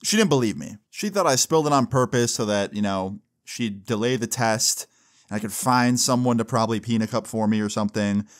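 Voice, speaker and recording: With a fairly low voice and brisk delivery, a young man shares a personal story. He's casual and foul-mouthed, frequently slipping in "like" and ending lines with "right?"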